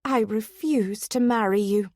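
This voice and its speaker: A woman reading a stubborn, defiant young lady whose lines rise sharp and heated in an audiobook. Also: medium pitch, unhurried, no echo, studio quality, natural voice. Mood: indignant.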